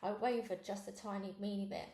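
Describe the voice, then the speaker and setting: Gravelly-voiced woman reading a storybook. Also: mid-range voice, a little fast, reverberant, a little hiss or hum. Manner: lively first-person storytelling. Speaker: reader. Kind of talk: storybook read-along narration.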